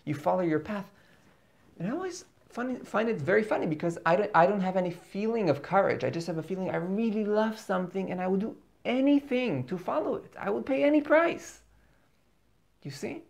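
Guy with a gravelly voice doing an earnest spiritual pep talk, keeps repeating words to drive it home. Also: high-pitched, expressive, fairly quick. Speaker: spiritual teacher.

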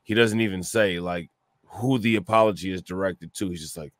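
Deep-voiced blunt podcast co-host man. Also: lively intonation, moderate pace, fairly bright tone, no echo. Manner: blunt, dismissive commentary. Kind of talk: casual podcast chat.

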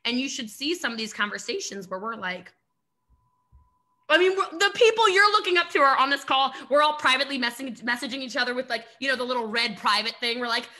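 Woman coach, high and bright, emphatic and animated, video call. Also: fairly quick. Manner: animated, emphatic, laughs often, mock voices. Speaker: network marketing coach. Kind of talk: motivational talk on a video call.

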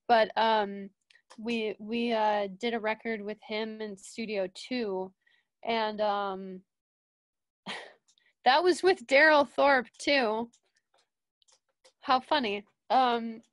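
Young woman rambling through a story, lots of ums, highish voice, dry close mic. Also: no echo. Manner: chatty, many fillers and restarts, acts out quotes in a higher voice. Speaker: studio operations manager. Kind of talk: casual storytelling interview.

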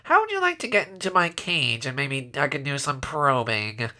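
A man voicing a creepy male alien who talks in a slow, formal way during a game role-play. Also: mid-range voice, sing-song, pushed and bright, heavily acted. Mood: calm.

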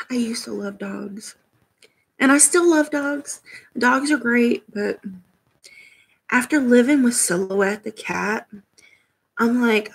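A woman's voice: on the high side, husky, poor audio. A woman hosting a casual livestream chat from home, rambling and laughing often as she talks to viewers. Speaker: livestream host.

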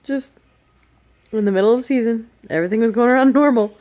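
A woman's voice: a little high, quick pace, darkish tone. Chatty woman in her thirties vlogging. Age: 30s. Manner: chatty, laughs often, talks to her dogs. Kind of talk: casual vlog chat. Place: at home indoors.

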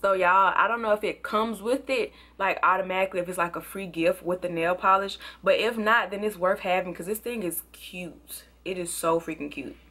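A woman's voice: fairly low pitch, normal speed, few pauses, pushed and bright. Chatty country-accented woman vlogger. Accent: Southern US. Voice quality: chatty, says y'all a lot. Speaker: beauty vlogger. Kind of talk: casual product review.

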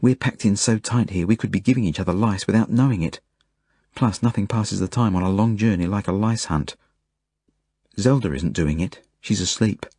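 A man reading his own novel aloud in the first person, earnest and rising to urgent shouts. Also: on the low side, normal speed, breathy edge, no echo, clean studio sound. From Australia. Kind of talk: audiobook narration.

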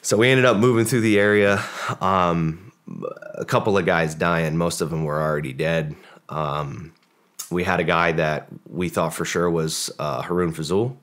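A man's low-pitched, slightly bright voice keeps a steady tone at normal speed. A former special forces operator, he tells a long, rambling story full of fillers in a casual podcast interview, acting out the dialogue.

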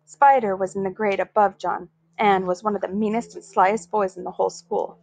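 A woman's voice: medium pitch, fairly even intonation, normal speed, vocal fry, a little mellow, no room sound. Woman reading a children's book aloud. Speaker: story reader.

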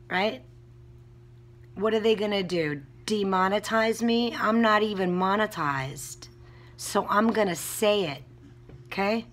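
Woman vlogger, blunt heated rant with lots of swearing; slow, deliberate delivery. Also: on the low side, a bit bright. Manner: blunt, heated, frequent cursing. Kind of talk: casual vlog rant.

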